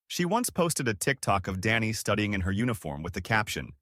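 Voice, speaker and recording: A man narrating scripted stories with a lively, dramatic delivery. His pitch swings widely, rising and falling through each sentence. The recording is close and dry, with no room sound around him. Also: brisk, few pauses, no echo.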